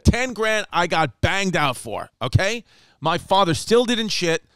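On his podcast, a man tells a long comic story with animated energy, swearing, ranting, and slipping into mock voices and Spanish phrases. His slightly high voice is smooth and clear at a measured pace, recorded dry on a close mic with no room sound.

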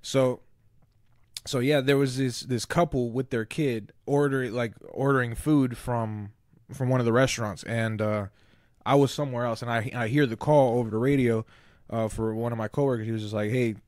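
A man's voice: mid-range voice, steady tone, moderate pace, darkish tone, no echo, clean studio sound. A man co-hosting a podcast, telling stories in casual chat with lots of swearing and quoted dialogue. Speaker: podcast co-host; former casino security worker.

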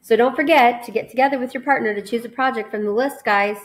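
A busy schoolteacher addressing her class in a quick, impatient way, as a woman reading a storybook puts her on. She sounds brisk and slightly lifted in pitch. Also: lightly acted.

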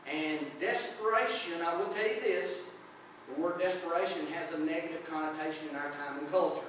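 A man preaching a sermon as pastor, earnest and unhurried, breaking into short prayers and reading scripture aloud. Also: fairly high pitch, fairly bright tone, a little hiss or hum. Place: church sanctuary. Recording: echoey church from far off.

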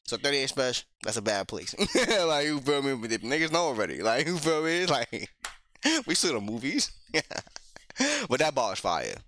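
A man hosting a music reaction video, talking casually with slang and frequent laughs. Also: normal speed. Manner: animated, slangy, laughs often; sometimes lowers his voice to a whisper.

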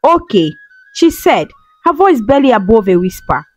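Woman storyteller, folktale narration, calm and earnest, fairly high voice, faint music behind. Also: brisk, low-quality recording.

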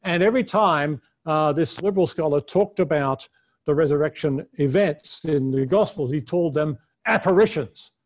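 A man's voice: a little high, normal speed. A man teaching a conference session on the Bible, earnest and unscripted, often restarting his sentences as he thinks aloud. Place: conference room.

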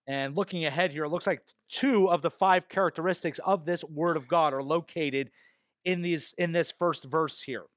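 A man's voice: no echo, studio quality. A male pastor delivering an expository sermon in a church, earnest, with self-deprecating asides. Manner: hushed, low prayer voice. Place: church sanctuary.

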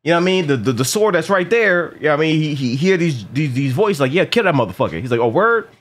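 A man chatting casually in a movie review, animated and profane, often repeating words and acting out lines from the film. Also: fairly high pitch, fast talker.

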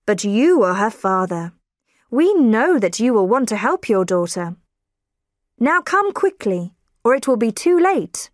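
Woman voicing a firm middle-aged lady detective, commanding, slow, close dry sound. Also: medium pitch, lively intonation, a little mellow, no echo, lightly acted.

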